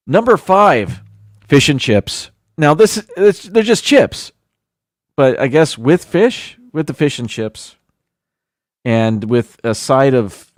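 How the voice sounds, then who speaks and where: Lively, chatty man reading a list. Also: medium pitch, slow, dry recording, clean studio sound. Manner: chatty, self-deprecating, stumbles over foreign words. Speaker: livestream host. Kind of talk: casual livestream chat, reading a list aloud.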